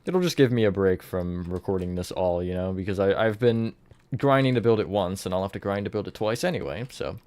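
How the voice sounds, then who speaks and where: A man with a lowish voice chats loosely through a live stream. He rambles and thinks aloud as he builds, stopping now and then to greet viewers. The sound is close and dry, with keyboard typing behind him. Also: fairly quick, a little mellow, no echo. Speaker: livestreamer building in a game. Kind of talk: casual live-stream chat.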